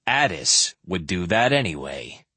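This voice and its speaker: A man doing a drunken, cynical mercenary in a low, slurred, mushy voice. He sneers through every line, husky and heavy. Close, dry sound. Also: big pitch swings, unhurried, sharp tone, no room sound, full character voice. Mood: sneering.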